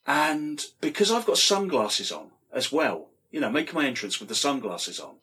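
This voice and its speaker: Guy rambling thru a story, husky voice, swears a lot. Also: medium pitch, huge pitch swings, moderate pace, bright, forceful tone. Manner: swears casually, rambling with fillers. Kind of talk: casual anecdote.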